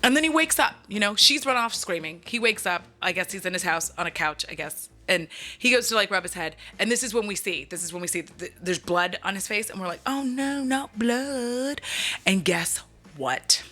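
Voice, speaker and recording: Speaking fairly quickly in a sharp, fairly low voice, a woman hosts her channel from home. She gives a comic, chatty retelling of a movie, turning to viewers with asides along the way.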